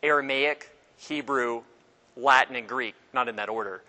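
Bright-voiced man giving a casual lecture. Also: medium pitch, poor audio. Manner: casual, halting, with many fillers and restarts. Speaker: teacher. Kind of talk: informal classroom lecture.

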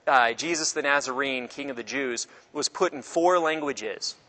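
Bright-voiced man giving a casual lecture. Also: medium pitch, poor audio. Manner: casual, halting, with many fillers and restarts. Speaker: teacher. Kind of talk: informal classroom lecture.

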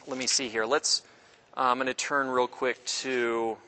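Bright-voiced man giving a casual lecture. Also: medium pitch, level tone, rough recording. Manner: casual, halting, with many fillers and restarts. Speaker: teacher. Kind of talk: informal classroom lecture.

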